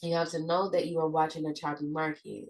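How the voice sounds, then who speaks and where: A woman's voice: sits low, flat delivery, a little fast, darkish tone, poor audio. A woman with a stuffed-up nose, reading a trading lesson from her notes, with slips and restarts. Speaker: trading educator.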